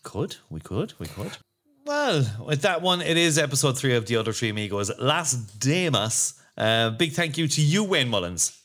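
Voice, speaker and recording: Animated man hosting a chat. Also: mid-range voice. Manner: jokey, halting, lots of restarts. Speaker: podcast host. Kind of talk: casual sports podcast chat.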